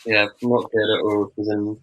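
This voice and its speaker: A man's voice: fairly low pitch, little pitch movement, moderate pace, fairly bright tone, dull audio. A man co-hosting a podcast, chiming in casually with short, dry side comments. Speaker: podcast co-host. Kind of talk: casual chat.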